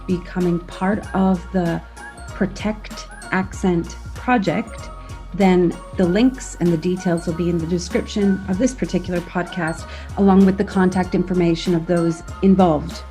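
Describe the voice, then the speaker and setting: A woman from Canada introduces her podcast episode in a measured, earnest way, drawing out her phrases. Her voice is low and mellow, and soft music plays faintly underneath. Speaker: podcast host.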